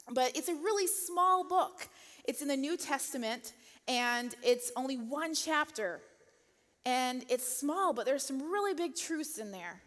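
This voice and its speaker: A woman speaks from a church stage in a relaxed, conversational sermon, dotting her sentences with small laughs and filler words. Her voice sits a little high for a woman. A long reverb from the large hall trails after each phrase. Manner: chatty, laughs often, many "um" and "like". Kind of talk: casual sermon talk. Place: church auditorium.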